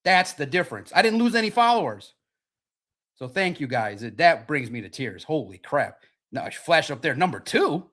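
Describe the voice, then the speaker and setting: A man in his forties with a fairly high voice, riffing in a loose livestream monologue. He is brash and boastful, swears freely and gets worked up easily. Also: normal speed. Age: 40s. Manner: brash, profane, boastful, excitable. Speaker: sports podcast host.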